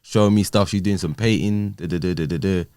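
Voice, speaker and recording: A man's voice: low voice, brisk, clear, resonant tone, no echo, clean studio sound. A man, telling a personal story on a podcast in casual talk and acting out the exchanges he quotes. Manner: animated, acts out quoted exchanges. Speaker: podcast guest.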